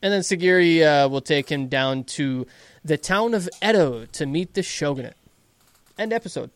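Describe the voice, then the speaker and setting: A man with a fairly high voice recaps the plot for his co-hosts in relaxed, swearing chat. He drops in quick mock quotes from the characters as he goes. The sound is close and dry, with no room around him. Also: clear, resonant tone, no room sound. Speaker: podcast co-host recapping an episode. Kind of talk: casual profane recap chat.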